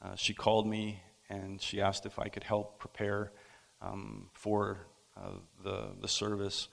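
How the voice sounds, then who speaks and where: Male pastor, gravelly voice, halting storyteller with pauses, sermon in a reverberant church. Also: on the low side, monotone, fairly bright tone. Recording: long hall reverb.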